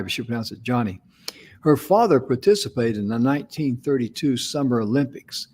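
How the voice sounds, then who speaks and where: A talk show co-host tells an inspirational story in a folksy, conversational way, affirming often with mm-hmms. His voice is medium-pitched and a little mellow.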